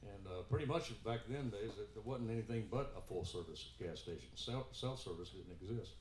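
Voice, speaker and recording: A man's voice: lowish voice, brisk, a little mellow, slight background noise. Rambling male musician in an echoey store. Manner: rambling, many "uh" fillers and restarts. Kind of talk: casual storytelling between songs. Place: record store, live in-store show. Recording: echoey store room with guitar.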